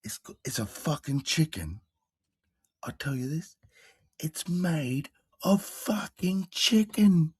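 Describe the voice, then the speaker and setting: A man putting on a crude, boastful farmer who swears, shouts and drops into hushed asides. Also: a little high, big pitch swings, takes it slowly, slightly rough, no room sound, clean studio sound, voice pushed up, exaggerated voice. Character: crude boastful male farmer flashing cash.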